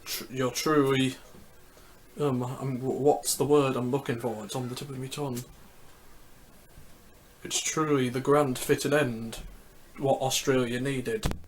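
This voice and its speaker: A man's voice: medium pitch, fairly even intonation, measured pace, a little hiss or hum. A man giving casual vlog commentary on a ranking list, talking hesitantly, repeating words and falling back on "so yep" while he searches for what to say. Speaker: YouTuber ranking Olympic Games.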